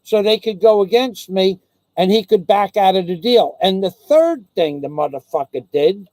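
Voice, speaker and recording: A man's voice: high-pitched, animated, normal speed, mellow, no room sound. A man hosting a livestream, ranting angrily and with heavy profanity, often repeating his phrases. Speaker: livestream host. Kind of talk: angry livestream rant.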